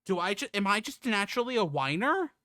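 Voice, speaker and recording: Woman streamer: giggly, self-deprecating, swooping low voice, dry desk sound. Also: big pitch swings, fast, fairly bright tone, no room sound. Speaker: streamer reading a visual novel aloud. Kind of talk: casual gaming stream chat.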